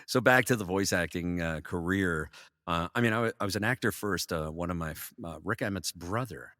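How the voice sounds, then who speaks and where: A middle-aged male voice actor telling animated stories in a casual interview, full of fillers. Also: deep voice, brisk, dry recording, studio quality, long reverb tail. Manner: animated anecdotes, frequent fillers and laughs. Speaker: voice actor guest.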